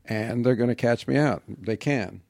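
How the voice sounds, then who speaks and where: A man's voice: mid-range voice, normal speed, creaky, darkish tone, no room sound. A man as a podcast guest, talking in a reflective, self-deprecating, wry way in casual interview chat on a close mic.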